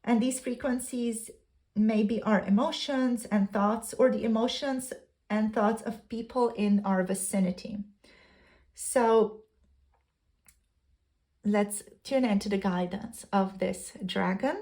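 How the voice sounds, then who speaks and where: A woman giving a tarot reading, calmly reading from a card booklet in a soothing spiritual way. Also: a little high, slow pace. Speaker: tarot reader.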